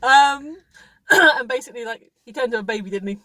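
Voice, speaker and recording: A woman's voice: fairly high pitch, brisk, pushed and bright, dry recording. A woman hosting a casual film review chat, rambling and chatty with frequent laughs. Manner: rambling, chatty, laughs often, many restarts.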